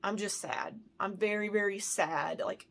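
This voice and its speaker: Brief: American woman vlogger, casual storytime, worked up, filler-heavy, mid-pitched. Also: measured pace, creaky. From United States. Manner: heated and emotional, with many "like" and "you know" fillers. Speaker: handbag vlogger.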